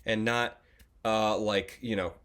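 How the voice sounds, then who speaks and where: A young man with a fairly low voice walks beginners through an oboe lesson. He is patient and encouraging and talks plainly, often pausing with fillers and restarting his phrases. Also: fairly even intonation, a bit bright, smooth. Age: young adult. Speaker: oboe teacher. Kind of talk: instructional video lesson.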